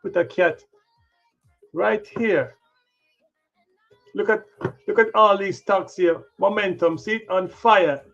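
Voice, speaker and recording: Gravelly high-pitched man muttering over stocks. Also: takes it slowly, pauses often. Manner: muttering to himself while setting up the screen; breaks into loud playful bursts. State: yawning, tired. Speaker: livestream stock trading host. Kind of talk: rambling livestream chatter. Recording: dull lo-fi sound with faint music.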